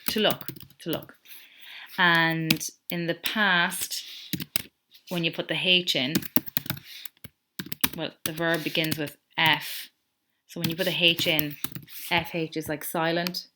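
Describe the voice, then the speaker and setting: A woman's voice: low voice, background noise. A woman teacher with an Irish accent, patiently explaining step by step in a recorded lesson and correcting herself as she goes. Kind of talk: recorded screen-share lesson.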